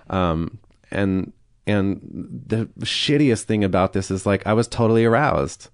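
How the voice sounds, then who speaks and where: This is a man with a deep, low-pitched voice, recorded in a dry setting with no room echo. He speaks frankly as a podcast guest. He tells a personal story, slips into quoted dialogue and breaks it up with uneasy laughter. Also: lively intonation, normal speed. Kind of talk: candid interview storytelling.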